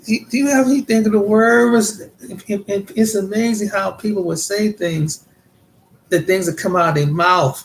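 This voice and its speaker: A man's voice: high-pitched, steady tone, moderate pace, a little hiss or hum. A man from the United States talking in a casual monologue, rambling and repeating words as he tells his experiences. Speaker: vlogger.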